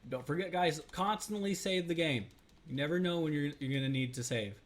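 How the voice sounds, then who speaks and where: A man's voice: fairly high pitch, animated, fairly quick. A man hosting a let's play, giving casual gameplay commentary in a rambling, self-correcting way with lots of fillers.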